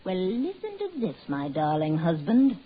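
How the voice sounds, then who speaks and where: An actress playing a scheming wife who turns into a cat, in 1940s radio acting with sneering, shrill lines. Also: female voice, huge pitch swings, unhurried. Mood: scornful. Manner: sneering, then shrieking in terror. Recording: dull old radio recording with faint hiss.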